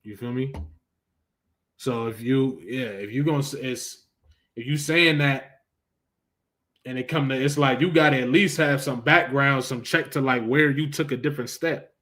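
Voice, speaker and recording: A man's voice: medium pitch, fairly even intonation, moderate pace, a bit bright. A young man from Arizona, hosting a livestream and chatting loosely in heavy slang, tagging his points with "you feel me". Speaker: livestream host. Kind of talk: casual livestream chat.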